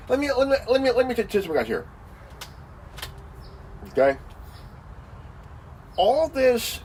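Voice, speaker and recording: A man's voice: very high voice, huge pitch swings, normal speed, pauses often, darkish tone, distant mic, a little hiss or hum, low-quality recording. A man ranting casually with heavy swearing, repeating himself and leaning on fillers like "you know" and "man". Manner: crude, swearing, insulting. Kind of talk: profane casual rant.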